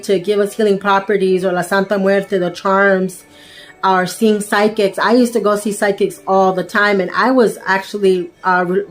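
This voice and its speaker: A young woman telling a personal faith testimony in a casual, storytelling way, tossing in frequent "right?" asides and fillers. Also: mid-range voice. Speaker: vlogger sharing a faith testimony.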